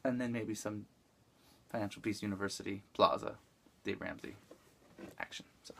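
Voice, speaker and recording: A man's voice: fairly low pitch, normal speed, vocal fry, pushed and bright, slightly rough. A man co-hosting a casual chat, easygoing and a little rambling, with frequent filler words. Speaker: co-host.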